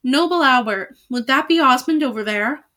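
Courtly sorrowful knight in armor, as a woman reads him, formal, slightly high. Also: animated, moderate pace, sharp tone.

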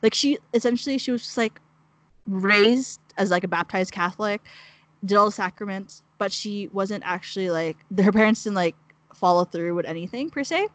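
A woman's voice: mid-range voice, normal speed, dry recording. Young woman telling a heartfelt story. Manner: rambling, heavy use of "like", emotional storytelling. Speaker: guest sharing a mission story. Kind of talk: casual chat.

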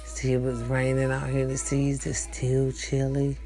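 A woman's voice: a bass voice, completely flat delivery, measured pace, dark tone, soft background music. A woman hosting a casual livestream from home, chatty and profane, talking straight to her viewers. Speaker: livestream host. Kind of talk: casual chat. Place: at home, indoors.

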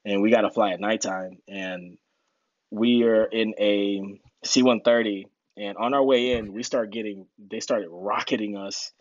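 Lively storytelling man, dull dry podcast audio. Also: unhurried, dry recording. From United States. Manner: animated storyteller, acts out quotes in high voices, laughs often. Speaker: guest. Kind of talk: casual storytelling interview.

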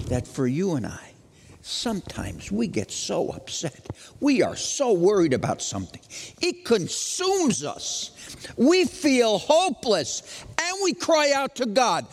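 A man preaching an Easter sermon as pastor, dramatic, moving from loud questions to hushed lines. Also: sits high, huge pitch swings, slow pace, gravelly, in a large hall.

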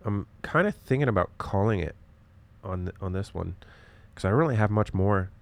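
A man's voice: lowish voice, animated, brisk, gravelly, dry recording. A young man talking in a rambling, profane way with lots of fillers, hosting a casual solo podcast.

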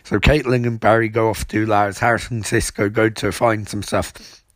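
A man's voice: on the low side, flat delivery, normal speed, dry recording, clean studio sound. A young man giving a rambling, mocking recap of a TV episode. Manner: rambling, mocking, with filler restarts.

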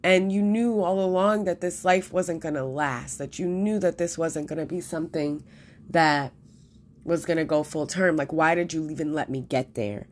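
Low-voiced woman sharing grief earnestly. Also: normal speed. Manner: earnest, searching, with many fillers and restarts. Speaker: podcast host. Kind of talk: personal reflective monologue.

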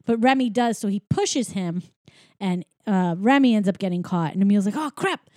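A woman's voice: medium pitch, normal speed, warm tone, dry recording, studio quality. A young woman in casual chat, animatedly retelling a story and acting out quoted lines. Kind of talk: casual movie recap chat.

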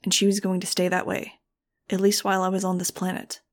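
A woman narrating a novel in the first person with a steady, earnest reading. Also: mid-range voice, fairly quick. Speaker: audiobook reader.

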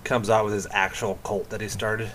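A man's voice: fairly low pitch, level tone, moderate pace, a bit bright. A man co-hosting a podcast in casual chat, blunt and joking, swearing now and then. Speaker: podcast co-host.

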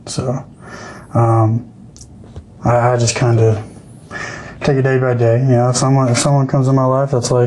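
Young man, podcast guest, mellow tone, halting speech, faint background noise. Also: medium pitch, level tone, low-quality recording. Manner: hesitant, many restarts and fillers. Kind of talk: casual podcast chat.

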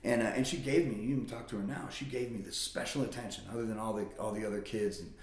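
A man casually telling stories about his childhood, swearing freely and jumping into high-pitched impressions of his relatives. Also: fairly even intonation, quick pace. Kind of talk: casual conversation. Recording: roomy echo.

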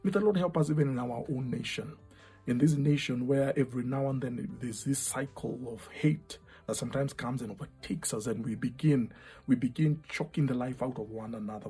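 Husky-voiced man preaching a sermon. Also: medium pitch, normal speed, faint music behind. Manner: impassioned, repeating phrases, dropping to a hush.

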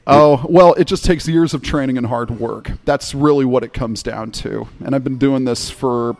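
A man's voice: medium pitch, normal speed, gravelly, a little mellow. A man, a voice actor, explaining his craft in an interview, eager and full of fillers. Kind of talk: interview conversation.

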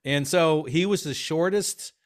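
A man as an interview guest, telling business stories in a chatty, animated way with many fillers and restarts. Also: on the high side, unhurried. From half Swiss, half Filipino family. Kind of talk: casual interview talk.

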